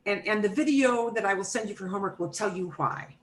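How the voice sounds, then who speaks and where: A woman's voice: medium pitch, fast, slight background noise, low-quality recording. A middle-aged woman teaching an online Spanish class, explaining grammar patiently step by step with everyday examples over a video call.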